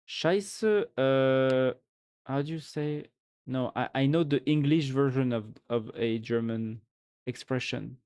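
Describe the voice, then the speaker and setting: A man's voice: medium pitch, little pitch movement, unhurried, darkish tone. A man with a French accent chatting casually and joking while he codes on a live stream. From France. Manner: joking, musing aloud, full of restarts.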